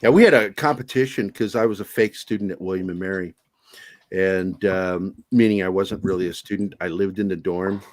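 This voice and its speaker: An older man from Virginia with no regional accent, a podcast guest telling profane, animated stories in casual chat. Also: low-pitched, a little fast, no room sound, studio quality. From Virginia, USA. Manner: profane, animated storytelling with put-on voices.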